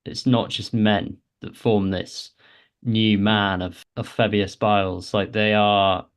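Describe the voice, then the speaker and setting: A man with a fairly low voice talks through game lore on a podcast. He is casual and hesitant, often doubling back to restart a phrase. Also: level tone, slow, clean tone. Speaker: podcast co-host.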